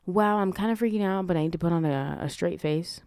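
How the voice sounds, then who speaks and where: A woman's voice: fairly low pitch, fairly quick, a little mellow, no echo, clean studio sound, voice pushed up, natural voice. A woman voicing a flustered young woman in a panic, gushing in giddy exclamations.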